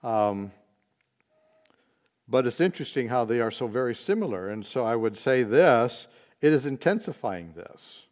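A man teaching a Bible study, explaining word meanings slowly and deliberately, with occasional fillers. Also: mid-range voice, animated, darkish tone.

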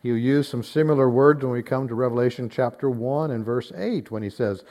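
A man teaching from the Bible in a deliberate, explanatory way, quoting scripture in old-style wording. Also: mid-range voice, a little mellow. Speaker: preacher.

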